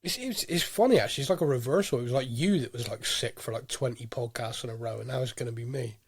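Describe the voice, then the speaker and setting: A man's voice: medium pitch, fast talker, slightly rough, dry recording, clean studio sound. Man with a head cold. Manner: chatty, rambling with fillers. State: head cold, a bit nasal. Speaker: podcast host. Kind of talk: casual chat.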